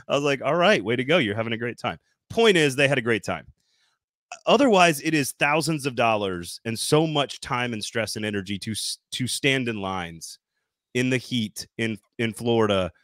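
A man's voice: medium pitch, dry recording, studio quality. A middle-aged man from Tennessee with a light Southern US accent, hosting a sports podcast in casual, jokey chat and swearing now and then. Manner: animated, swearing, jokey storytelling.

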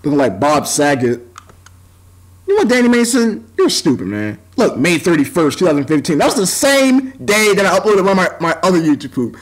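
American man youtuber, high voice, scornful insulting rant. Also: big pitch swings, fairly quick, rough recording. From United States. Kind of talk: ranting reaction vlog.

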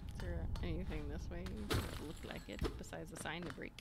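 A woman streaming a video game live, talking to the game in animated bursts of chatter. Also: deep voice, a little fast, heavy background noise. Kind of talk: live game-play commentary.

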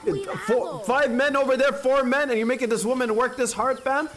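A young man streaming a video game, chatting in a rambling, excitable way with heavy slang. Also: very high voice, normal speed. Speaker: gaming streamer. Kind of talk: casual live-stream commentary. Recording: noisy stream with game sounds.

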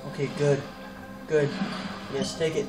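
Excitable man commenting on his gameplay. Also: a little high, measured pace, over music. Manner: excitable, swears, muttering to himself. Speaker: let's play gamer. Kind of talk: game commentary. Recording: echoey, distant with background noise.

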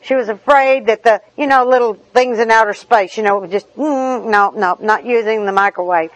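A woman's voice: fairly high pitch, moderate pace, dry recording, poor audio. A middle-aged woman, giving a personal recovery talk in a humorous, chatty storytelling manner with asides. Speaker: recovery meeting speaker.

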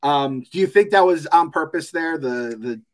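A man's voice: fairly high pitch, lively intonation, normal speed. A young man hosting a podcast in a casual chat, ranting, swearing and laughing often. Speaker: podcast host.

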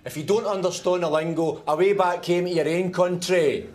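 A man's voice: high voice, fairly even intonation, normal speed, natural voice. An actor playing an exasperated Scotsman arguing with a lift, with a Scottish accent, sarcastic and grumbling. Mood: irritated.

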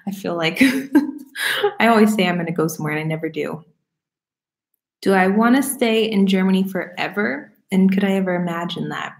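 A young woman from Florida, casually answering viewer questions at home, chatty and animated, laughing often. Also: mid-range voice, normal speed, vocal fry, pauses often. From Florida, United States. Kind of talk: casual Q&A chat. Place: room at home. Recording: roomy echo.

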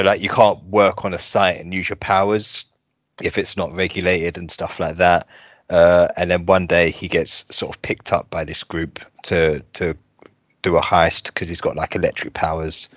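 Deep-voiced young man, rambling. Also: flat delivery, normal speed, dry recording, lo-fi sound. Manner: rambling, laughing, full of fillers. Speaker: podcast co-host. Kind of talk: casual chat.

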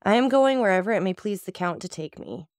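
Woman reading as a mournful young soldier, quiet and tranquil. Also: medium pitch, animated, a little fast, dry recording, clean studio sound, lightly acted.

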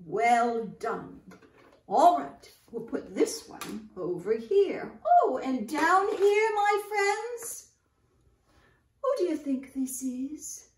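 An older woman presenting nursery rhymes to young children, talking to them in an animated, sing-song way. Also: high-pitched, very slow, reverberant, far from the mic. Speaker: children's storyteller in costume.

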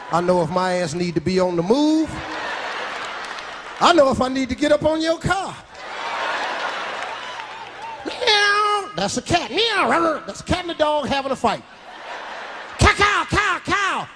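A man doing a stand-up comedy routine, telling a story loudly and shouting punchlines on a live stage. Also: high-pitched. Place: large theater with live audience. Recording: live stage recording with audience laughter and noise.

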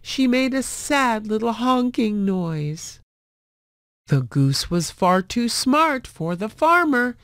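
Slow, expressive woman storyteller. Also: a little high, dry recording, clean studio sound. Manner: slow, clear and expressive reading. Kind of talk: scripted story narration for English learners.

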